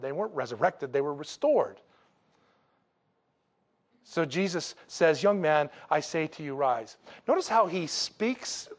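Man, preacher, sermon, humorous storytelling, acts out dialogue, fairly high voice. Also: breathy edge. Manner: humorous, animated storytelling with laughs; acts out dialogue in a casual, jokey way. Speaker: pastor.

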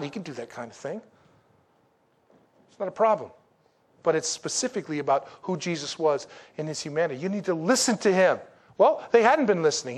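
A man preaching a sermon in a conversational, folksy way, with rhetorical questions and slow, emphatic declarations. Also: on the high side. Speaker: pastor.

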